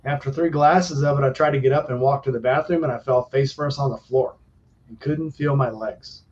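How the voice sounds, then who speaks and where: A man in casual live-stream chat, wandering through long stories and stretching out his fillers. His voice sits at an ordinary middle pitch. The sound is slightly dull and lo-fi. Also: a little mellow. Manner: rambling storyteller, drawn-out fillers.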